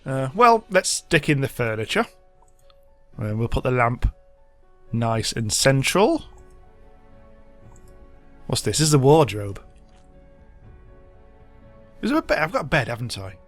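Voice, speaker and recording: Chatty man with a lively voice. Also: mid-range voice, measured pace, long pauses, faint music behind. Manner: rambling, self-mocking, thinking aloud. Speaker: let's play host. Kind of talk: casual gameplay commentary.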